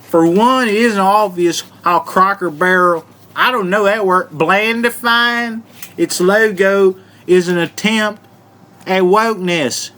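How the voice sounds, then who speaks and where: A man doing a mock Southern hillbilly voice with a put-on American Southern accent, reading an article aloud slowly and deliberately stumbling over words. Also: high-pitched, bright, forceful tone, heavily acted. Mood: mock-earnest drawl. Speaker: vlogger.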